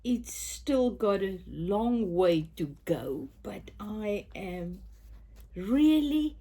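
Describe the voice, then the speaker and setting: A South African woman getting over a cold talks from her bed in an upbeat, affirming way, her voice husky and mellow. She speaks slowly, with pitch that rises and falls a great deal. At times she drops to a soft whisper. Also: big pitch swings. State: recovering from a cold, coughing. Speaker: crafting vlogger. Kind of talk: casual chat to camera. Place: bedroom, in bed.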